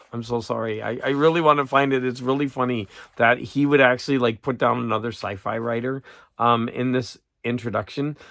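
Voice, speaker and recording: A man's voice: medium pitch, steady tone, brisk, gravelly, a bit bright, no room sound, clean studio sound. A man hosting a casual, rambling chat about books he has read, often breaking off and restarting his sentences. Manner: rambling, self-interrupting, chuckling. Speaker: channel host.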